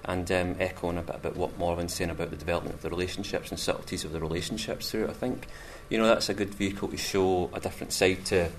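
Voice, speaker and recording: Deep-voiced actor, measured. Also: male voice, steady tone. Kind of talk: interview.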